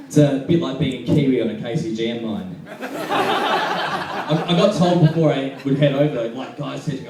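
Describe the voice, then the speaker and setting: Australian man, stand-up comic, deadpan self-deprecating jokes, animated delivery, crowd laughter, echoey venue. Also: medium pitch, normal speed. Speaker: stand-up comedian. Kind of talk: stand-up comedy set. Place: comedy venue with live audience. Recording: echoey room mic'd from a distance, crowd laughter.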